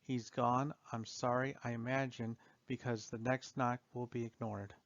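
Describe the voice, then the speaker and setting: A man reading dark poetry aloud for an audiobook, in a slow, somber and measured way, trailing off softly at the ends of lines. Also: mid-range voice, level tone, no echo. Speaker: audiobook narrator. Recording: dull, dry lo-fi recording.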